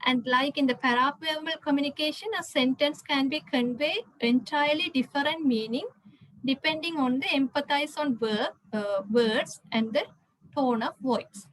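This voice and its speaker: High-voiced woman lecturing with many fillers. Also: normal speed, fairly bright tone, low-quality recording. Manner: hesitant, frequent "uh" fillers and restarts. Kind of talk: slide lecture.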